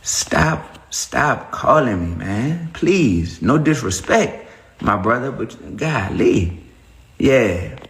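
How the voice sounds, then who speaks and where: A man, talking casually and preachily to viewers on a livestream, giving emphatic points and shout-outs. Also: medium pitch, sing-song, extremely slow, creaky, reverberant. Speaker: rapper on a livestream.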